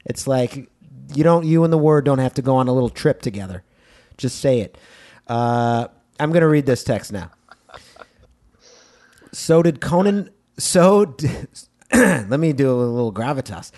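A man co-hosting a movie podcast, chatting casually. He is joking and animated. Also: mid-range voice, moderate pace. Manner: joking, animated, reads text with mock gravitas. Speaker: podcast co-host.

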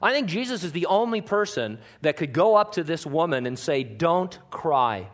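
A man, a pastor, giving a conversational sermon in church, joking and often changing his pitch and loudness. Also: lively intonation, brisk.

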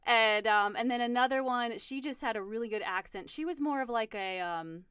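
A woman hosting a podcast, telling stories in a lively, chatty way with many fillers. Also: on the high side, moderate pace, smooth, no room sound, clean studio sound. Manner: animated storyteller, many fillers. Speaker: podcast host. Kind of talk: casual chat.

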